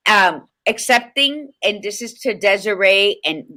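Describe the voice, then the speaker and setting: A woman co-hosting a podcast over a video call from a hotel room, telling stories in animated casual chat with the odd swear. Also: medium pitch, unhurried. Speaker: podcast co-host.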